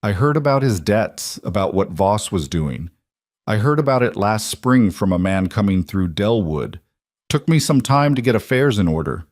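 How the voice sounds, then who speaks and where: A man voicing a quiet, careful cowboy who speaks plainly in a storybook reading. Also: on the low side, animated, normal speed, no room sound, studio quality, close to an everyday voice. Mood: quiet, earnest.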